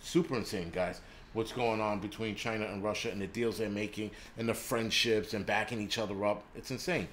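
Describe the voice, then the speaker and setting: An American livestream host with a fairly low, fairly bright voice and fairly even intonation rants heatedly and fairly quickly, cursing heavily and stumbling into restarts. He reads chat comments and responds to them, over a slight hiss or hum.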